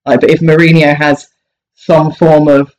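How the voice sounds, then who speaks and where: Male podcast co-host with a fairly high voice, outspoken and blunt in casual football chat. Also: little pitch movement, normal speed, poor audio. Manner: opinionated, blunt, laughing asides.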